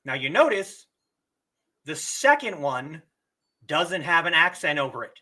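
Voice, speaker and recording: Casual livestream teacher: unhurried, animated, bright-voiced, slightly hoarse, keeps clearing their throat. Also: mid-range voice. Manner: slow and deliberate, clears throat often. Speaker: livestream host.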